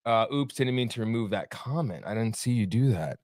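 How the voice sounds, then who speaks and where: A man's voice: fairly low pitch, lively intonation, a little fast, a little mellow, no room sound, clean studio sound. A man hosting a sports talk show in a casual, rambling way, cracking sarcastic jokes between fillers. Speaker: podcast host. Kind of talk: casual chat.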